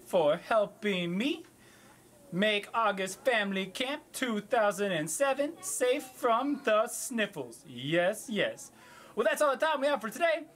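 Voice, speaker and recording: A man's voice: sits high, a bit bright, exaggerated voice. A man voicing a cheerful male talking sock puppet in a homemade puppet skit, with an eager, sing-song presenter manner.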